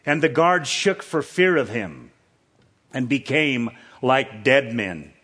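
A man's voice: mid-range voice, expressive, slow, fairly bright tone, slightly rough. A man preaching a sermon in a church, earnest and repeating words for emphasis. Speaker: pastor. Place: church with screens.

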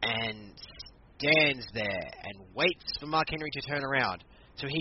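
On a casual podcast, a male co-host with a medium-pitched, unhurried voice animatedly retells a wrestling match, acting out what people said as he recaps. The audio is muffled and lo-fi, with background noise.

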